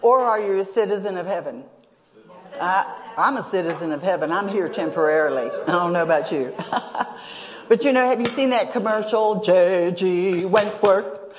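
A woman's voice: mid-range voice, expressive, normal speed. A woman preaches a sermon, keeping it humorous and chuckling as she talks straight to her congregation. Her voice carries through a church hall with a long, lingering reverb.

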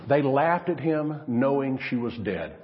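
Male pastor, mid-pitched, animated dramatic sermon delivery; dull recording in a reverberant hall. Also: unhurried. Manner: dramatic preaching, swinging from loud to hushed.

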